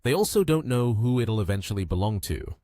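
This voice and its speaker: A man's voice: mid-range voice, sing-song, fairly quick, dark tone, dry recording, clean studio sound. A man voicing a polite, composed young businesswoman in a comic recap.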